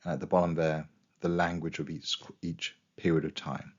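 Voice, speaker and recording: A man talks through a revision lesson in a very deep voice. His speech is chatty and full of quoted asides, and his voice is going hoarse. The recording sounds a little dull and muffled. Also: flat delivery, moderate pace. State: losing his voice. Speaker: history teacher.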